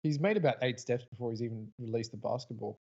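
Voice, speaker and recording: A man's voice: medium pitch, fast talker, warm tone. A man co-hosting a podcast who chats casually about basketball, mostly in short, agreeing remarks. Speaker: podcast co-host. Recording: dull lo-fi mic.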